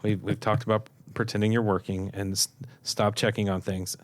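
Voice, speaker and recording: A man co-hosting a casual podcast about selling insurance, agreeable and often pausing with halting restarts. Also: lowish voice, flat delivery, dry recording. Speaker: podcast co-host and insurance sales trainer.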